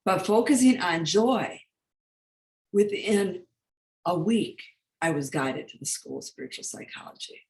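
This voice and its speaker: A woman's voice: lowish voice, animated, a little slow, pauses often, a little mellow, roomy sound. A woman hosting an online talk, telling her own story in an emphatic, heartfelt way. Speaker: host. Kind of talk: spiritual coaching talk.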